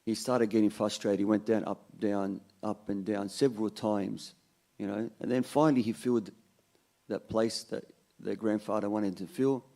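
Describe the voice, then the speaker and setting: Guy preaching a ramadan talk, kinda low warm voice, stops and restarts a lot. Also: steady tone, vocal fry. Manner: conversational, halting with restarts. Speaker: religious lecturer. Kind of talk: Ramadan sermon with storytelling.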